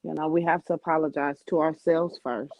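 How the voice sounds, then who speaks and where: A woman's voice: low-pitched, steady tone, brisk, no echo. Woman on a dull lo-fi call line. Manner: frank, affirming, swears freely. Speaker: co-host sister. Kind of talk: casual chat between sisters.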